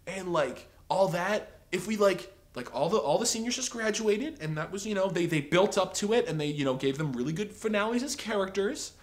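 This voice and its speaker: High-voiced man ranting a sarcastic review. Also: expressive, fairly quick, few pauses. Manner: rambling, exasperated, sarcastic, lots of "like". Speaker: TV episode reviewer. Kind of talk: opinionated casual review.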